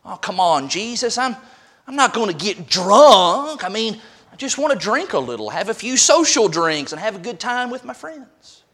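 A man's voice: high-pitched, very animated, moderate pace, a bit bright, heavily acted. A man voicing a whining churchgoer who pleads and haggles in a sermon. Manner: whiny, pleading.

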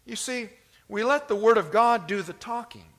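High, bright-voiced male preacher. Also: moderate pace. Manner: emphatic preaching with rising and falling delivery. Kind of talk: sermon. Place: church.

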